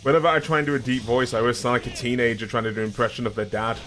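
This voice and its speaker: A man's voice: mid-range voice, steady tone, racing, music in the background. A young man streaming a video game, reading the characters' lines aloud with playful emphasis and joking at himself between them. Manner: reads character lines with playful emphasis and self-mocking asides. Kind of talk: let's play, reading game dialogue aloud.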